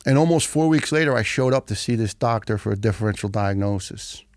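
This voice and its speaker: Gravelly blunt New man. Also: lowish voice, a little fast, dry recording, clean studio sound. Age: middle-aged. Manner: blunt, profane, animated storyteller. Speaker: guest, retired firefighter. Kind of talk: podcast storytelling.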